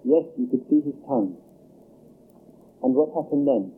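A man voicing a calm, firm little girl who coaxes a frightened man, speaking in an insistent, questioning way over a tinny phone-like line. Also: mid-range voice, normal speed, a little hiss or hum, close to an everyday voice.

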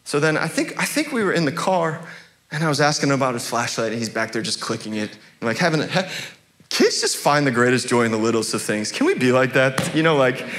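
A man's voice: medium pitch, big pitch swings, brisk, fairly bright tone. A young adult male pastor preaching a sermon in a church, conversational and chuckling, with many fillers and restarts. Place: church sanctuary.

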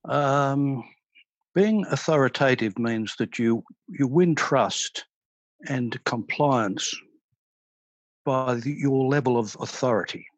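An older man, a retired army officer speaking as a podcast guest, explaining in a measured, storytelling way. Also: mid-range voice, no room sound, low-quality recording. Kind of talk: podcast interview.

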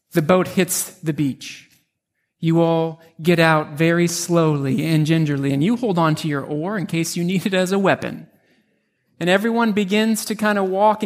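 High-voiced pastor telling a story. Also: male voice. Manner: vivid second-person storytelling with restarts. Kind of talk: narrative sermon.

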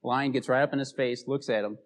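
A man's voice: medium pitch, steady tone, fast talker. A man preaching a sermon as a pastor, telling stories in a casual, conversational way.

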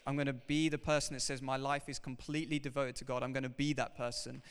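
A man preaching a sermon to his congregation, animated and emphatic, talking straight to the people in front of him. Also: mid-range voice, quick pace, clear, resonant tone. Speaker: pastor. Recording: reverberant hall.

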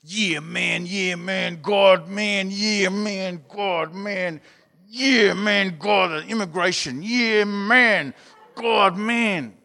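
A man doing loud fervent teen boys praying. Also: sits high, drawn-out words, creaky, voice pushed up, full character voice. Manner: shouting, repetitive.

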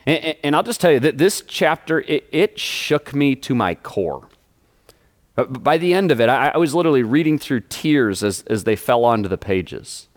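Stammering male pastor preaching. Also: medium pitch. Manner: stammers and repeats words often. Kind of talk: sermon.

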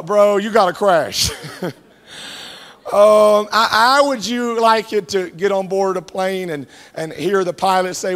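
A male pastor preaching a sermon with fervent, shouted peaks and many "uh" fillers. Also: sits high. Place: church sanctuary. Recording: echoey hall reverb.

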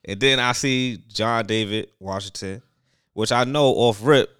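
Smooth-voiced young man rambling casually. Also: medium pitch, a little slow, no room sound, clean studio sound. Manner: rambling, animated, lots of fillers and restarts. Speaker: podcast co-host. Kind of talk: casual chat.

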